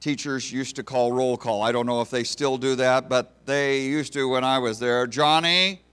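A man's voice: mid-range voice, little pitch movement, moderate pace, smooth. A man preaching a sermon to a congregation in a folksy, storytelling manner. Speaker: pastor.

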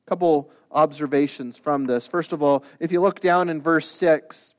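Male pastor, slightly high voice, sermon delivery, earnest and emphatic, with conversational asides. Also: normal speed. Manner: earnest, emphatic preaching with rising bursts of intensity.

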